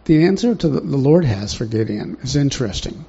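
A man's voice: mid-range voice, expressive, brisk, creaky, warm tone, breathy edge. A man preaching a sermon in a conversational way, often putting questions to the congregation, in a dull lo-fi recording.

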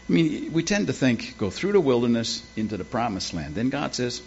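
A man's voice: mid-range voice, big pitch swings, a little fast, gravelly, few pauses, darkish tone, a little hiss or hum. A man preaching a sermon with folksy, humorous storytelling. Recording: dull lo-fi with faint ambience.

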